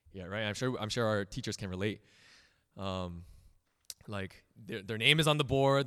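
Animated young man preaching in a hall. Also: lowish voice, brisk, clean tone. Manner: animated, laughs often, acts out quoted voices. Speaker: pastor. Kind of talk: casual sermon with personal stories. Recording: long hall reverb.

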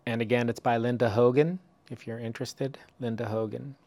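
A man in a meditation group who speaks hesitantly, with frequent ums and restarts, before slowly reading a poem aloud. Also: mid-range voice, fairly even intonation, darkish tone.

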